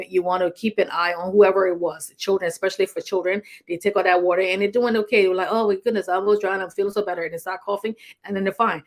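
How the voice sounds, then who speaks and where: A middle-aged woman from Liberia, a clinician, giving casual safety tips to an online audience in a rambling, conversational way with many restarts and chuckles. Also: on the low side. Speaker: health talk host, clinician.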